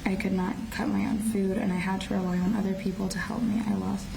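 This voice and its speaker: A teenage girl reading her prepared statement in a courtroom, quiet and subdued, often stopping to restart phrases. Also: medium pitch, little pitch movement, fast talker, creaky. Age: teens. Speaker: shooting survivor giving a victim impact statement. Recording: distant courtroom audio with faint noise.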